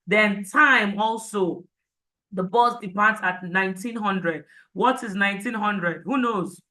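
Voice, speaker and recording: A woman's voice: medium pitch, slow pace, pushed and bright, rough recording. A woman teaching an IELTS prep class, repeating points emphatically and asking the students rhetorical questions. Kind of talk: live online class lecture.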